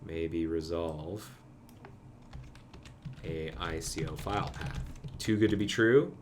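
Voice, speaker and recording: A man's voice: low-pitched, slow pace, a little hiss or hum. A man streaming himself coding, thinking aloud and muttering to himself in a casual way. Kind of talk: casual live-coding commentary.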